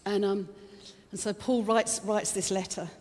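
A woman's voice: medium pitch, steady tone, measured pace, a little mellow. A woman giving a chatty, conversational sermon, openly emotional and laughing often. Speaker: preacher. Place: church hall. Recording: long hall reverb.

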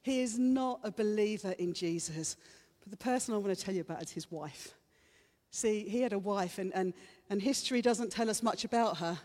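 A woman's voice: mid-range voice, moderate pace, a little mellow. A woman preacher giving a chatty, playful sermon to a congregation, teasing them as she goes. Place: church hall. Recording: reverberant hall.

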